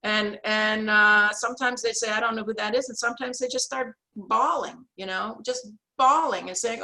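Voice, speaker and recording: A woman guest on an interview show, telling lively stories with many restarts and acting out the voices of people she quotes, over a video call. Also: fairly high pitch, normal speed, hardly any pauses, poor audio. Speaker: guest, author and sketch artist. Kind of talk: storytelling in an interview.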